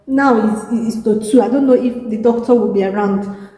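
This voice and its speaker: A woman's voice: fairly high pitch, moderate pace, warm tone, echoey room, long reverb tail, rough recording. A young Nigerian woman with a Nigerian accent recording a video diary from a hospital room, tearful and exhausted, repeating herself in a weary, pleading way. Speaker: vlogger.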